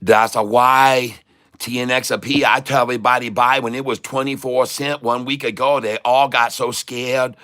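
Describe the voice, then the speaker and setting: A man's voice: medium pitch, flat delivery, moderate pace, pushed and bright, clear, resonant tone, natural voice. A man putting on a boastful broken-English stock guru. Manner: clipped broken grammar, boastful. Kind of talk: comic put-on voice on a livestream.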